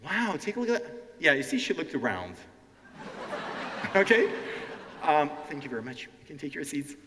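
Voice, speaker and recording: A man's voice: fairly high pitch, normal speed, slight background noise. A man teaching English in an interactive stand-up lesson on stage, often checking in with "okay?" and acting out quotes. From Ukraine. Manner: animated, keeps asking "okay?", acts out quotes. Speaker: language teacher hosting a stage show. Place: stage in a hall before a live audience. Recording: reverberant hall with faint music.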